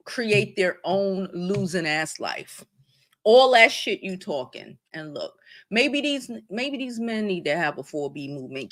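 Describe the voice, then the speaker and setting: Profane, mocking woman vlog host. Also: medium pitch. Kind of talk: casual commentary.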